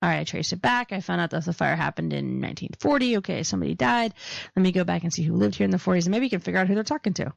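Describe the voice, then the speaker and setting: Woman, Philadelphia accent, low voice with gravelly fry, dry close sound, chatty and joking. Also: animated, very fast, no room sound, dull audio. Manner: chatty, joking, laughs often. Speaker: podcast co-host. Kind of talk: casual chat.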